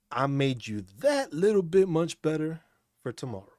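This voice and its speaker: A man's voice: fairly high pitch, sing-song, normal speed, a little mellow, no room sound, studio quality. A man hosting a casual chat stream, talking in a laid-back, profane way and laughing often. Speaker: streamer host.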